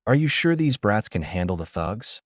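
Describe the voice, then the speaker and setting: A man's voice: on the low side, big pitch swings, normal speed, dry recording, studio quality. A man voicing a skeptical, drunk old bridge builder. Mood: doubtful.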